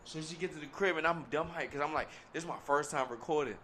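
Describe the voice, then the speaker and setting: A young man in his twenties telling a crude story in casual chat, deadpan and slangy. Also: fairly high pitch, quick pace, slight background noise.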